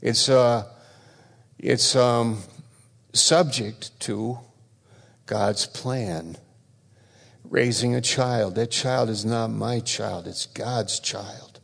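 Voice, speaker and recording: Male pastor, unhurried and gravelly, preaching with emphatic repeats and loud stresses in a long-reverb church hall. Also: mid-range voice, steady tone. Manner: emphatic, repeats phrases, swings between loud stresses and quiet asides. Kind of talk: sermon.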